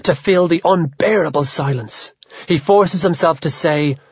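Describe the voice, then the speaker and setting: A man narrating a literary audiobook in a measured, even manner. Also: a little high, breathy edge, no room sound. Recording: dull lo-fi dry audio.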